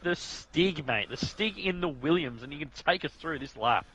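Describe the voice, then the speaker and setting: A man's voice: fairly high pitch, animated, moderate pace, background noise. A man commentating on an online racing league, chatty and jokey, often saying "mate". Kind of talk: casual sim racing commentary.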